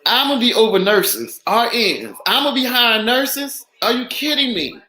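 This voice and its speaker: A woman's voice: a little high, expressive, normal speed, bright, forceful tone. A woman guest on a casual livestream, emotional and effusive, overwhelmed by her own news. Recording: echoey room.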